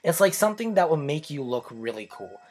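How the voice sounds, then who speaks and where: A man's voice: fairly high pitch, sing-song, brisk, darkish tone. A teenage boy hosting a casual group chat, rambling with lots of "like" fillers and frequent laughs. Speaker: host.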